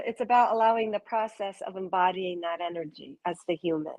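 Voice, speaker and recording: A woman giving a live oracle card reading, talking softly and wandering between thoughts with gentle excitement. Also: lowish voice, fairly quick, low-quality recording. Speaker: card reader.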